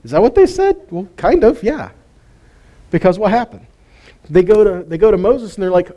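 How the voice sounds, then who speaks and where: A man's voice: high-pitched, big pitch swings, normal speed, long pauses, warm tone. A man giving an informal sermon teaching, conversational and full of rhetorical questions and chuckling asides. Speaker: Bible teacher.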